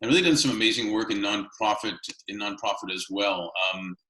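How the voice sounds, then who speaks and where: A man's voice: fairly low pitch, a little fast, pushed and bright, echoey room, slight background noise, low-quality recording. A man from Canada hosting a casual interview, chatty and rambling with many fillers. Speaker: interview host.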